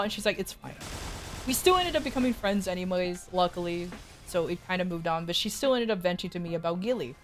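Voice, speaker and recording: A woman streaming as a VTuber, telling a rambling, self-mocking story to her chat and jumping her pitch high when she quotes people. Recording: faint music behind.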